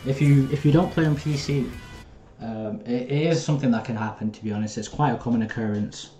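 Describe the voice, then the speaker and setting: A man's voice: mid-range voice, fairly quick, warm tone, faint music behind. A young man, chatting casually with viewers while commenting on his own live gameplay. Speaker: streamer. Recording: roomy echo.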